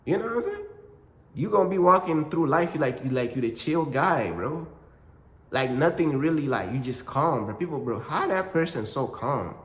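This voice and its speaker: A man's voice: fairly high pitch, expressive, moderate pace. A man giving a casual faith talk, full of slang, calling the listener "bro" again and again. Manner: slangy, repeats "bro" and "you know what I'm saying". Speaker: Christian content creator. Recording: echoey room with long reverb.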